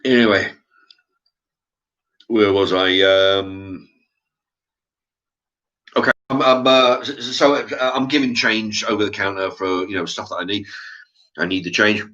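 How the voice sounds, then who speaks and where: A man's voice: on the low side, unhurried, long pauses. A man, host of his own channel, telling a story in a casual, blunt monologue full of swearing. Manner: animated, blunt, swears freely. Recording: dull lo-fi recording.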